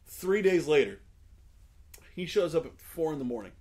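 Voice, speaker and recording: Podcast co-host, man, fairly high voice, animated storyteller who acts out his characters. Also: normal speed. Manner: animated, acts out quoted people, laughs often. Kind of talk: casual storytelling.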